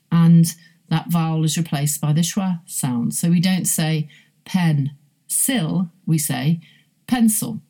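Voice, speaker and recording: A woman teaching English pronunciation on a podcast, explaining carefully and saying example words slowly. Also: deep voice, dark tone. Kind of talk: podcast lesson.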